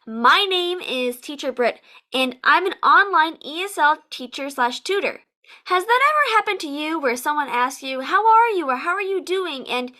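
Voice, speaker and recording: An American woman, an online English teacher, giving a lively to-camera lesson and acting out sample phrases with emphasis. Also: sits high. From United States.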